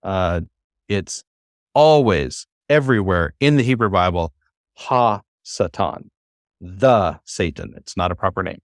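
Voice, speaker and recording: A man's voice: low-pitched, expressive, measured pace, no echo, clean studio sound. A man teaching a class, who explains patiently and coaxes his students to try reading aloud. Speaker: Hebrew teacher.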